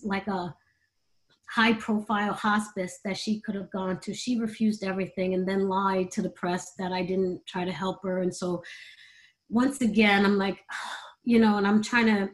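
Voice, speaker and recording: A woman's voice: medium pitch, low-quality recording. A middle-aged woman, a performer, telling emotional personal stories in a candid, conversational interview. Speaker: guest, performer.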